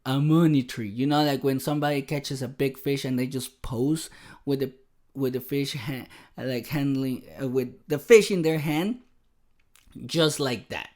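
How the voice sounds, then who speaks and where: A man hosting a podcast, telling a personal story in an animated, self-deprecating way. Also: mid-range voice, unhurried. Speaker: podcast host. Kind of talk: casual storytelling monologue.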